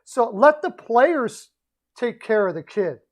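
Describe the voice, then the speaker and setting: On a relaxed hockey livestream, this man speaks slowly in a very high-pitched, sing-song voice. His talk is an opinionated, meandering rant about hockey and sports betting, and he keeps starting sentences over.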